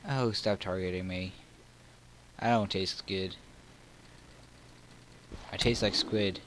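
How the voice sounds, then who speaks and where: A Southern man with a lowish voice comments on his own game at an unhurried pace. He mutters between frustrated or excited outbursts, and a faint hum sits behind him. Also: low-quality recording. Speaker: gaming channel host. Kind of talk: let's play commentary.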